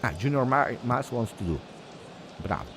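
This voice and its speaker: A man hosting a live football watch-along, chatting with viewers and reacting to the match, whose voice swings from low asides to loud cheering. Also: moderate pace, background noise. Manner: excitable, switches from low asides to shouting celebration.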